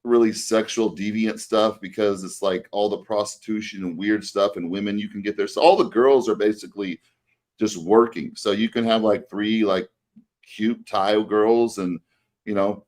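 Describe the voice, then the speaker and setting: A man's voice: on the low side, steady tone, normal speed, a little mellow. A male podcast co-host casually telling a long story, rambling with many fillers and restarts.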